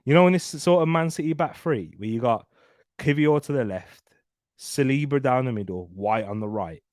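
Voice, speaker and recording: A man's voice: medium pitch, normal speed, darkish tone, dry recording, clean studio sound. Chatty young man hosting a watchalong. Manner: chatty, laughs often, banter. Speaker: watchalong host. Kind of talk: casual live match commentary.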